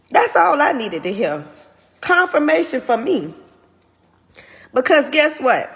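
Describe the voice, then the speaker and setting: Lively, high-voiced woman telling her story. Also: slow, pauses often, big-room sound. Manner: earnest, candid storytelling. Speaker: host. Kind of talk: personal testimony talk.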